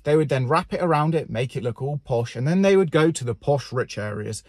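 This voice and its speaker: A man's voice: medium pitch, lively intonation, brisk, darkish tone, husky, dry recording, studio quality. A man from England telling stories to camera in a blunt, emphatic way. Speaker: vlogger and entrepreneur. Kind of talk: casual talk to camera.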